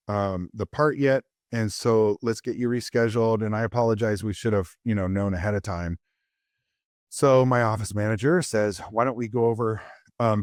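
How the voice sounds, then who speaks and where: A man's voice: medium pitch, dry recording, clean studio sound. A man, a dentist and podcast co-host, telling a long patient story in a rambling, self-deprecating way with lots of fillers. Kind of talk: casual storytelling chat.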